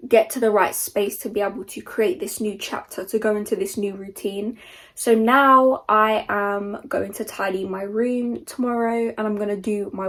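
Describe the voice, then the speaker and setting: A young woman chats to her viewers in a casual motivational vlog, upbeat and direct, with a voice of middling pitch. She is recording at home in her bedroom. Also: low-quality recording. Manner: chatty, upbeat self-talk, addresses viewers directly. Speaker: vlogger.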